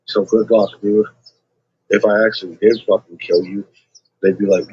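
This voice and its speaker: A man's voice: fairly low pitch, steady tone, a little slow, pauses often, dull audio, slight background noise. A man ranting to his livestream chat in a rambling, combative way, swearing constantly.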